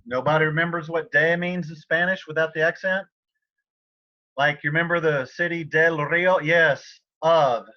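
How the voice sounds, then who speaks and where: Teaching Spanish live online, a man with a fairly high, steady voice keeps things relaxed and conversational at a moderate pace. He stops now and then to clear his throat, and the sound has the muffled, lo-fi quality of a video call.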